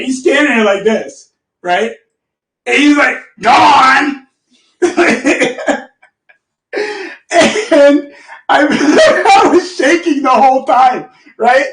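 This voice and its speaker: A man hosting a casual storytelling session for his community. He is animated, laughs often, swears, and keeps checking in with "okay?". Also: extremely high pitch, echoey room, distant mic. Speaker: host.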